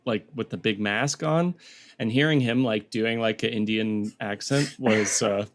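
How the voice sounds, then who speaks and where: A man's voice: lowish voice, unhurried. A man co-hosting a podcast in casual chat, rambling with many fillers and slipping into goofy voices when he quotes people. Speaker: podcast co-host.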